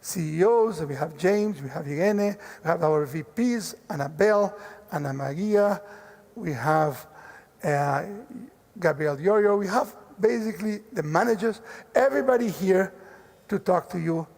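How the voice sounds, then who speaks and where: A man, the president of an institution, giving a measured formal speech at a forum and pausing to restart while he lists colleagues. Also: high voice, lively intonation, gravelly, a little mellow. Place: large conference hall. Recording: reverberant conference hall.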